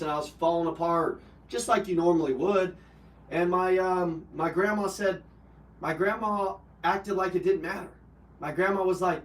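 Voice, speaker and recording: A man's voice: sits high, moderate pace. A man hosting a live personal development call, telling an emotional personal story bluntly with swearing and fillers. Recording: roomy, from a distance.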